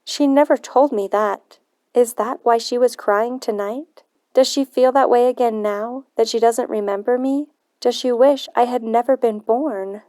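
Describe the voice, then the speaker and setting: A woman narrating a novel in the first person, in earnest, measured storytelling. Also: on the high side, dark tone, no echo, clean studio sound. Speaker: audiobook narrator.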